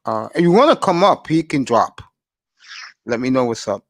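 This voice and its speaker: A man's voice: medium pitch, very animated, normal speed, no room sound, clean studio sound. A man hosting a casual live chat show, often stammering and repeating words. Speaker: host.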